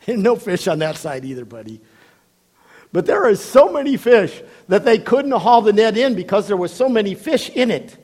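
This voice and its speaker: A man preaching a sermon, telling a story with animated voices and frequent laughs. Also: high voice, normal speed, breathy edge.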